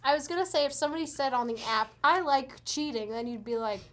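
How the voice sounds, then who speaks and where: A woman co-host chatting casually and teasing with quick questions. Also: a little high. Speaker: show host. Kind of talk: casual group chat reading comments.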